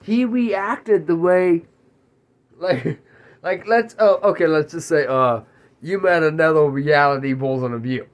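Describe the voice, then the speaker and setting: A man talking about a movie he loves in a casual, excitable rant, swearing freely and laughing as he talks. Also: a little high, measured pace. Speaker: movie reviewer.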